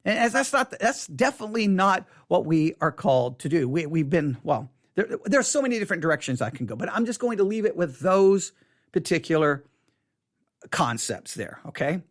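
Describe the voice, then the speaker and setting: A pastor teaching to camera in an animated, emphatic way, leaning hard on key words. The voice sits at a middle pitch and moves up and down widely. Phrases get repeated and broken up by quick acted-out asides. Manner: repeats words and acts out quick mock quotes.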